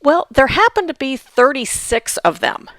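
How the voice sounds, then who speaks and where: A woman's voice: high-pitched, very animated, normal speed, a bit bright, dry recording, clean studio sound. A woman giving a patient instructional talk on family history research, spelling out names letter by letter. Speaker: genealogy instructor.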